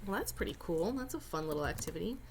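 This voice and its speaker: A woman's voice: lowish voice, lively intonation, fast talker, darkish tone, slight background noise. A woman teacher explaining a Spanish reading step by step, with chatty joking asides. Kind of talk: recorded lesson walkthrough.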